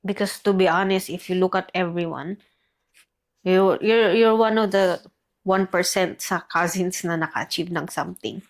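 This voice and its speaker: A woman with a Filipino accent, speaking gently to her younger brother in heartfelt family talk. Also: lowish voice, moderate pace. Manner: gentle, mixes English and Tagalog. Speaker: older sister, guest.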